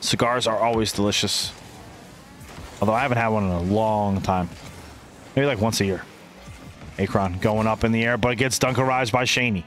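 A man's voice: lowish voice, normal speed, pauses often, a bit bright, a little hiss or hum. A man casting an esports match live with playful play-by-play, inventing silly words and chatting with viewers between plays. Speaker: esports caster.

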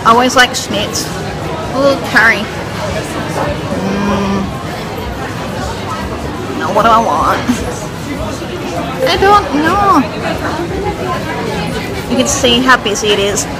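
In a busy shopping centre food court, a young Australian woman vlogger chats casually to her camera while shopping, giggly and poking fun at herself. Her mid-range voice moves slowly, with frequent pauses. A loud crowd and background music fill the recording.

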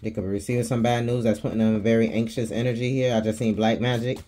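A man's voice: mid-range voice, flat delivery, quick pace, music in the background. A man giving a casual tarot reading, chatty and slangy, laughing often and swearing freely. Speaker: tarot reader.

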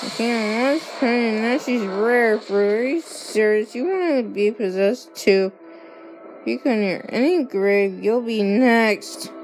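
Lady reacting to a game, slow and high, gets all worked up, music going behind. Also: slight background noise. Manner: excitable, alarmed outcries. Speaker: game commentator. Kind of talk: reacting to gameplay.

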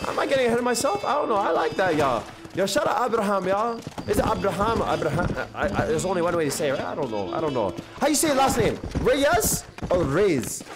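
A young man giving excitable, slang-heavy live commentary while streaming a video game and chatting with his viewers. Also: sits high, fast, hardly any pauses. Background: game music.

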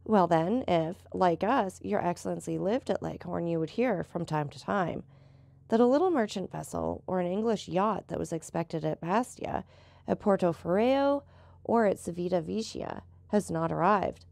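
Woman narrator doing a steady old-hand boat captain, explaining, gravelly texture. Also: lowish voice, moderate pace, no echo. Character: seasoned male boat captain, calm and knowing.

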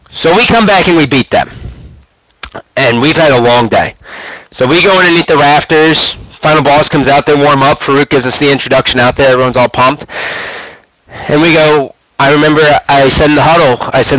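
A man's voice: on the high side, moderate pace, a bit bright, no room sound, low-quality recording. Brash, foul-mouthed young man, dry mic. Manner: brash, profane, swaggering trash-talk storytelling. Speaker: podcast host recounting esports career. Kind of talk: casual storytelling monologue.

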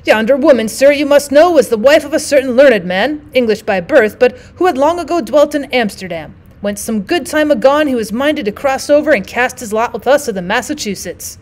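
Chatty, pious townsman in a storybook reading, earnest and eager to explain, read by a woman with a fairly high voice. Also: lively intonation, brisk, few pauses, darkish tone. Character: pious, talkative male townsman.

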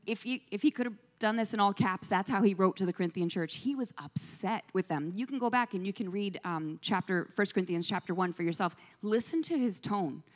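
A woman's voice: mid-range voice, brisk, hardly any pauses. A woman who is a pastor's wife, giving a conversational sermon as a guest speaker, telling stories and asking the audience questions. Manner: storytelling, asks the audience questions. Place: church sanctuary, indoors. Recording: long reverb of a church hall.

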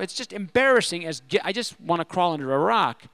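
A middle-aged man telling a personal story at a convention, animated and self-deprecating. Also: high-pitched, a little fast, few pauses, clean tone, dry recording. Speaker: speaker at a religious convention.

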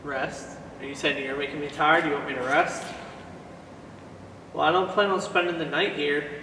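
A calm, measured man on a ghost-hunting vlog, talking to an unseen spirit and counting down slowly in a fairly high voice. He is caught from a little way off in an echoey empty office at night, and the reverb hangs after each line. A faint hiss sits underneath. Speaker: paranormal investigator. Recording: echoey room, mic some distance off, faint noise.

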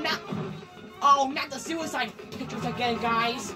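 A woman's voice: high voice, measured pace. A woman doing reaction commentary, jumpy and exclaiming, swearing often. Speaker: video reactor. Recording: distant mic with music behind. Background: music.

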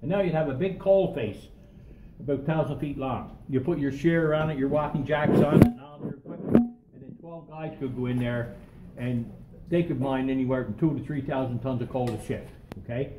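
A man's voice: mid-range voice, a little fast. An older man, a former coal miner guiding a mine tour and spinning joking stories, often checking in with "okay?" and "right?". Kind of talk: guided tour storytelling. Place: underground coal mine tunnel. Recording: echoey mine tunnel, distant mic, noisy.

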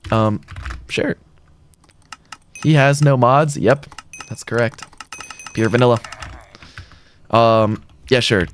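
A man's voice: mid-range voice, slow, long pauses, a little hiss or hum. Young man streaming, reading chat aloud. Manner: casual, reads chat aloud and answers it. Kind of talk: live gaming stream chat.

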